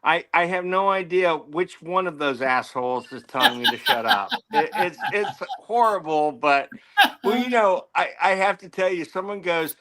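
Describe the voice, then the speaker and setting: A man's voice: high voice, expressive, normal speed, pushed and bright. An American man co-hosting a podcast, chatting casually in a rambling, self-mocking way with plenty of swearing. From United States. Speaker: podcast co-host. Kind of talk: casual banter.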